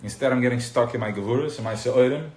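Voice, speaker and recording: A man giving an informal live class to a small group, who gets worked up and loud, then drops into quiet asides. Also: mid-range voice, fast. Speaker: teacher of a class. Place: room with a small live audience. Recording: roomy live recording with faint noise.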